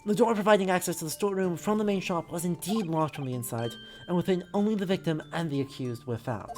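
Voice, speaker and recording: A woman voicing a composed, aloof male prosecutor with crisp, formal delivery. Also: lowish voice, quick pace, darkish tone, soft background music, close to an everyday voice. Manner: crisp, formal courtroom narration.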